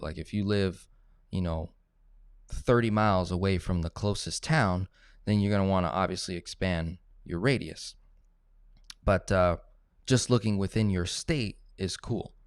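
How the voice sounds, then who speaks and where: A man's voice: low voice, clear, resonant tone, dry recording, studio quality. A man teaching personal finance in a casual coaching tone, often checking in with "right?" and "okay?". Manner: coaching, tag questions like "right?" and "okay?", acts out phone calls. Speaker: finance educator.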